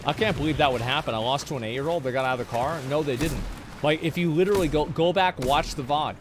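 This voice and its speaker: A man streaming a video game live, frustrated and profane, arguing with his chat and bursting into shouts between muttered lines. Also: on the high side, quick pace, noisy background. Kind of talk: live gameplay commentary, talking to chat.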